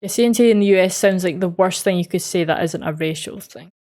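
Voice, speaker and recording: A woman's voice: fairly low pitch, fast, dark tone. Chatty Australian woman streamer. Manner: chatty and easygoing, answers chat messages, laughs often. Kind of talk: casual chat reading out live chat.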